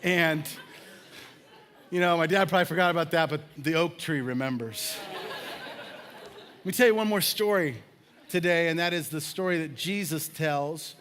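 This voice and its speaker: A man preaching a sermon in a church, telling personal stories with lively acted-out moments. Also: fairly high pitch, moderate pace, long pauses. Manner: animated storytelling, acts out scenes with shouts and laughs. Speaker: pastor. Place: church sanctuary.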